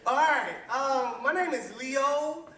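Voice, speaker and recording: High, bright-voiced playful youth pastor. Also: male voice, animated, takes it slowly, roomy sound, distant mic. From Flint, Michigan. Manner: playful, call-and-response, often laughing. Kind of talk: joking youth sermon. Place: church hall with audience.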